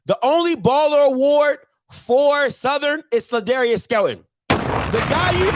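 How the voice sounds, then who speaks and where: A man hosting a sports recap show, ranting in excitable, slangy trash talk and repeating himself for emphasis. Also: very high voice, dry recording, clean studio sound. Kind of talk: animated sports recap rant.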